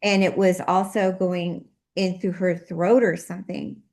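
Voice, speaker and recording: A woman's voice: on the low side, level tone, a little slow, vocal fry, a little mellow. A woman guest, a medical intuitive, earnestly relaying messages in an interview and quoting them in a repeated 'he says' pattern.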